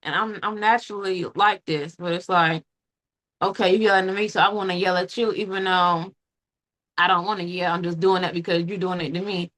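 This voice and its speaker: A woman hosting a casual podcast conversation, talking earnestly and reflectively in quick bursts. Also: fairly low pitch, steady tone, fairly bright tone. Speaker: podcast host.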